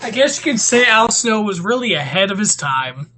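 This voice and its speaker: A man co-hosting a casual wrestling chat, quick and offhand with jokes. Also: high voice, big pitch swings, pushed and bright, rough recording. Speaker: podcast co-host.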